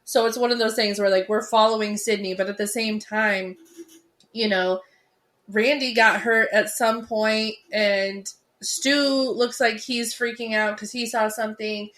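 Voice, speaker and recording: Woman co-host, casual chat, excitable and rambling. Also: a little high, unhurried. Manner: excitable, laughs easily, rambling. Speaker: podcast co-host. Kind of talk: casual chat about a film.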